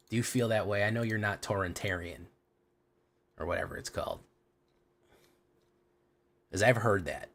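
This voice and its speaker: Male streamer, slightly deep, chatty and rambling, plays a card game while talking to chat. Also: a bit bright. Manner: rambling, talkative, answering chat questions. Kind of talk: casual gameplay commentary, chatting with viewers.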